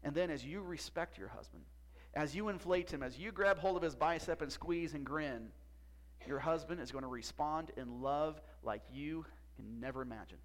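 A man preaching a sermon as pastor, emphatic, with long pauses and drops to a hush. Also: a little high.

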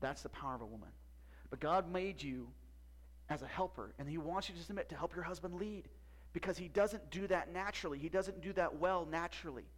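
Male pastor preaching, slightly higher voice, emphatic with pauses and hushed stresses. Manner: emphatic, with long pauses and drops to a hush. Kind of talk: sermon.

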